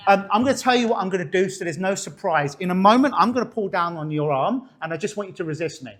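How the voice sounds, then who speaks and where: A stage hypnotist talks fast, barely pausing, as he coaxes and directs a volunteer in a live demonstration in front of an audience. His high voice is animated and a bit bright.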